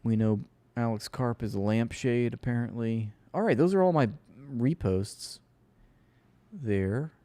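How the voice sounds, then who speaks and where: A man's voice: medium pitch, unhurried, mellow, dry recording. A man hosting a livestream, giving casual, sarcastic political commentary. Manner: sarcastic, conversational. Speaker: livestream host.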